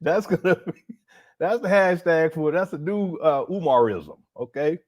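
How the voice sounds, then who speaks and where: Animated laughing man hosting a livestream. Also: a little high, moderate pace. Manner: animated, laughing, incredulous reactions. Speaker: livestream host. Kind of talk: casual live-stream commentary.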